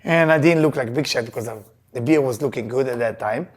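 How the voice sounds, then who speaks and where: A man teaching Kabbalah to a live audience, telling personal stories in an emphatic, animated way with loose grammar. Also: medium pitch, fairly quick. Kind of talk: lesson with personal storytelling.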